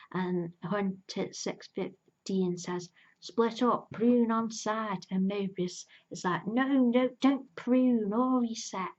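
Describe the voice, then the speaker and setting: A woman talks through a TV episode scene by scene in an easy, chatty way, dropping in little impressions of the characters as she goes. Her voice sits at a middling pitch. The recording is a bit dull and lo-fi. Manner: chatty, enthusiastic retelling with fillers and quoted lines. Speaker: TV reviewer. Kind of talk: casual spoken recap.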